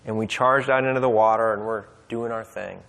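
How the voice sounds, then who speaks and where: A man's voice: fairly low pitch, fairly even intonation, brisk, creaky, a bit bright. A man telling a personal story at a Bible study, casual and conversational with fillers and restarts. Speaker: speaker at a men's Bible study. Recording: long hall reverb.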